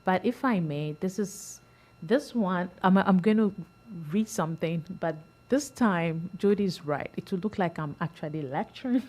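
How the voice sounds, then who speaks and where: A middle-aged woman on a school board speaking earnestly at a public meeting, rambling with many restarts and soft laughs. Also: fairly low pitch, animated, unhurried.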